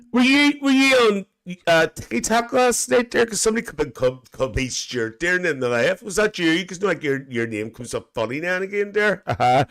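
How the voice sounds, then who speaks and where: A cheeky older aunty, put on by a man, gossips to her live-stream viewers in camp, rambling chatter. She keeps cackling and breaks into shrill, high exclamations. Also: a bit bright. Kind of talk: live-stream chat in character.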